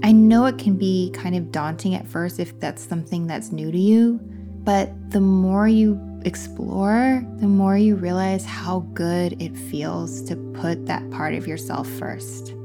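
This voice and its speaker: A woman podcast host, speaking in a gentle, affirming, soft-spoken way on a spiritual advice show. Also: medium pitch, unhurried, music in the background.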